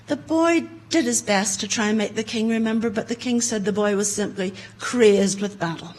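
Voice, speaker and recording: A woman telling a folktale to an audience in a conference room, growing loud and dramatic in the battle scenes. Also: on the high side, expressive, normal speed, poor audio. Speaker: storyteller. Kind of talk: oral folktale storytelling.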